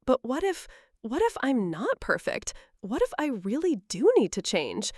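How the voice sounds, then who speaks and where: A woman voicing a stressed, unsure young bride-to-be who speaks quietly and hesitantly. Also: fairly high pitch, big pitch swings, unhurried, no room sound, studio quality, voice pushed up.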